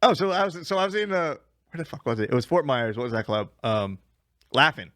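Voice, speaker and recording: A man, a comedian co-hosting a podcast, tells long, meandering stories about gigs gone wrong and laughs at his own punchlines. His voice sits a little high for a man. The sound is dry and close, with no room around it. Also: expressive, brisk, a bit bright, no room sound. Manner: rambling storyteller, swears freely, laughs at own stories. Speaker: stand-up comedian, podcast co-host. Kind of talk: casual chat, road stories.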